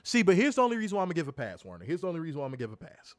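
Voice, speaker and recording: A man co-hosting a review podcast, ranting and teasing in a loud, profane, animated way. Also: a little high, very fast, no echo, studio quality. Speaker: co-host of a wrestling review show. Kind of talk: casual podcast chat.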